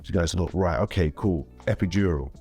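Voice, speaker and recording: A man's voice: very deep voice, a little fast, faint music behind. A man talking casually as an interview guest, rambling and repeating words. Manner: rambling, repeats words, animated when quoting others. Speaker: guest father.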